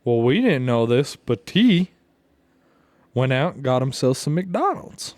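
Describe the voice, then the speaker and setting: A man's voice: mid-range voice, sing-song, unhurried, darkish tone, no echo. Profane man telling a rambling story. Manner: profane, rambling, laughs through his stories. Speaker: podcast co-host. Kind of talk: casual storytelling.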